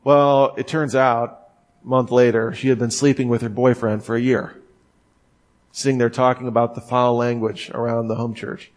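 Guy preaching casual style, normal pitch, talks loose then punches certain words, restarts a lot. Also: level tone, normal speed, darkish tone. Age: adult, former smoker. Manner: conversational, emphatic, with frequent restarts. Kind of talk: informal sermon.

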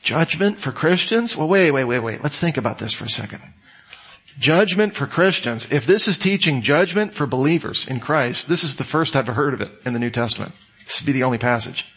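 A man's voice: medium pitch, expressive, brisk, fairly bright tone, slightly rough. A man preaching an expository sermon in a church, teaching conversationally with rising emphasis. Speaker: pastor. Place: church sanctuary.

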